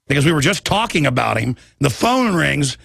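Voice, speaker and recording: A man hosting a talk radio show, excitable and stammering through restarts. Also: fairly high pitch, normal speed, vocal fry, slightly rough, no room sound, clean studio sound.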